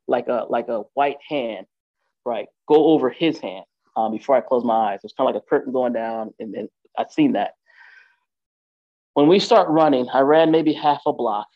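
A man telling a personal story in a loose, conversational way, with lots of fillers and "right?" asides. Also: medium pitch. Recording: dull lo-fi recording.

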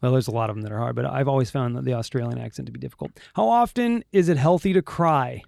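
A man hosting a casual podcast chat, asking quick questions, laughing often and repeating words. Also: mid-range voice, gravelly, darkish tone, no room sound, clean studio sound. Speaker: host.

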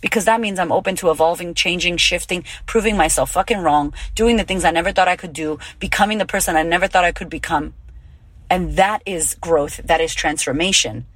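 A woman's voice: on the low side, brisk, fairly bright tone, dry recording. A woman in her thirties hosting a podcast, giving a casual motivational talk in a blunt, emphatic way, swearing freely. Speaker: podcast host and confidence coach.

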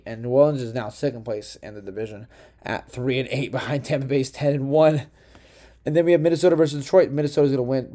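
Rambling, cursing young man with a mellow voice. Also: mid-range voice. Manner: rambling, profane, self-correcting. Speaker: podcast host. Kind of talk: casual solo sports podcast. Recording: uneven home audio.

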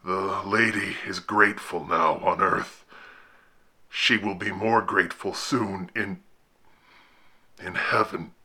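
A man reading an audiobook horror tale, voicing a sorrowful, pious castaway who speaks slowly and haltingly in a hushed, gravelly voice. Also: low-pitched, fairly even intonation, heavily acted. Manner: slow, halting, subdued delivery.

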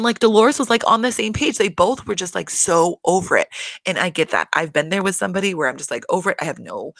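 A woman's voice: fairly low pitch, fairly bright tone, dry recording. A woman hosting a casual reality TV recap, chatty and profane, full of fillers and exasperation.

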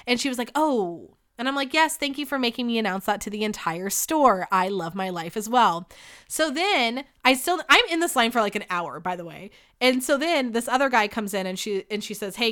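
A young woman hosting a casual solo podcast, telling stories in a chatty, candid and animated way with plenty of swearing. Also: fairly high pitch. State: sick. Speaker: podcast host.

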